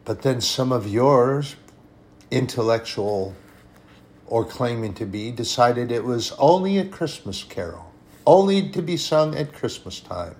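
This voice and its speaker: A man preaching a sermon with emphatic delivery, swinging between hushed and raised passages. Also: mid-range voice, animated, a little slow.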